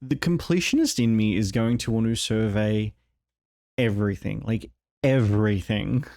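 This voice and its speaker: A man with an Australian accent, excitedly breaking down a game trailer and rambling with lots of "like". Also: fairly low pitch, normal speed. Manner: enthusiastic, rambling, fond of "like". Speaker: gaming video host.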